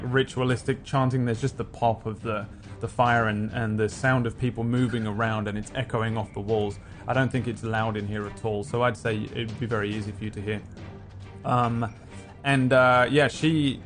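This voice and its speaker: A man narrating as game master, relaxed and halting, with plenty of fillers and made-up sound effects. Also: mid-range voice.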